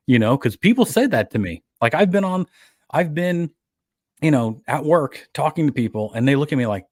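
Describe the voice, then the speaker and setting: A man's voice: fairly high pitch, very animated, normal speed, no room sound, clean studio sound. A man with a New York accent on a podcast, talking casually and rambling, often restarting his sentences. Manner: rambling, self-correcting storyteller. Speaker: podcast co-host. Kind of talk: casual chat.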